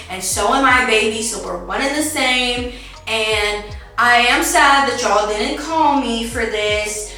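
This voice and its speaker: A woman's voice: fairly high pitch, sharp tone, distant mic. A woman hosting a podcast, giving sassy, jokey commentary with playful asides. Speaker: podcast host. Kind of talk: casual commentary. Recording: echoey room, faint music, off-mic.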